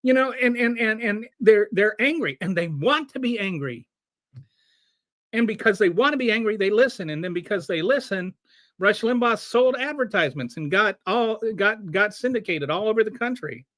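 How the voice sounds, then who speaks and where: A man hosting a show of casual political commentary, talking in an animated way with frequent restarts and rhetorical questions. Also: high-pitched, normal speed, dry recording, studio quality. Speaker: show host.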